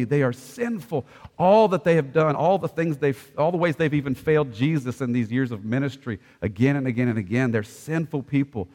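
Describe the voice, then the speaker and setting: A man preaching a sermon, swinging between loud, ringing declarations and hushed, soft passages. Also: medium pitch, in a large hall. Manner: impassioned preaching, swelling loud then dropping soft. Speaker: pastor.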